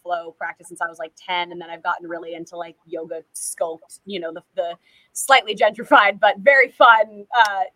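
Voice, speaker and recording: A young woman from California chatting casually as an interview guest, quick and self-deprecating, peppering her talk with "like.". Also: fairly low pitch, steady tone, sharp tone, no room sound, poor audio. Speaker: guest, actress and musician.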